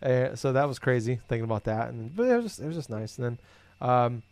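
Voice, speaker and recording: A man's voice: mid-range voice, quick pace, dry recording. Rambling, profane man in casual chat. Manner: rambling, profane, animated storytelling.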